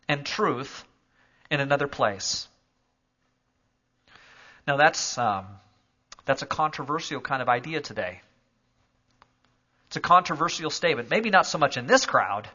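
A man preaching a sermon to a church congregation, moving from calm explanation to loud, emphatic declarations. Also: on the high side, measured pace, pauses often, highs cut off. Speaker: pastor. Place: church sanctuary.

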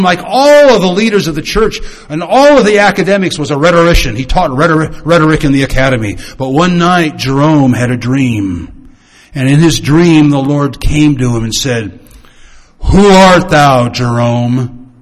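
A man preaching and teaching with storytelling. He swings his pitch and volume for dramatic effect. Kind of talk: sermon-style teaching.

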